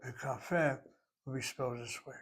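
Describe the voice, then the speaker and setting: A man teaching a Hebrew class, explaining grammar in a deliberate, step-by-step way and sometimes thinking aloud. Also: medium pitch, steady tone, a bit bright, slightly rough.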